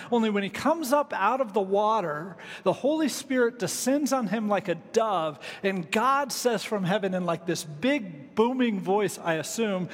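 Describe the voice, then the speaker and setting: A male pastor preaching a sermon in a church, in a conversational, relaxed way with casual asides. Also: sits high, big-room sound. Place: church sanctuary.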